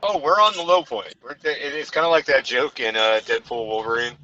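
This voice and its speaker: In dull lo-fi audio with faint noise behind, a man co-hosts a casual film chat while driving, rambling with plenty of "you know" fillers. His medium-pitched voice is fairly quick, pushed and bright.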